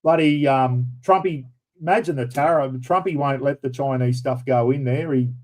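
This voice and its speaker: A man's voice: medium pitch, normal speed, low-quality recording. A middle-aged Australian man hosting a casual chat, rambling and blokey, throwing in "mate" and "bloody" all the time. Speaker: livestream host.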